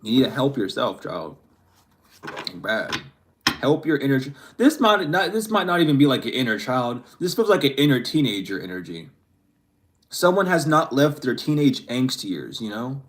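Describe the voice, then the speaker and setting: A man's voice: mid-range voice, very animated, normal speed. A man giving a casual spiritual tarot reading to camera, chatty and slangy, often breaking into laughter. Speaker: tarot reader.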